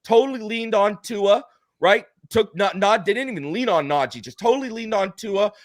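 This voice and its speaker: A man in a podcast roundtable, arguing his sports points emphatically in quick bursts. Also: high voice, lively intonation, no echo, studio quality. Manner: emphatic, argumentative, rapid bursts. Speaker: podcast guest. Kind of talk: heated sports roundtable debate.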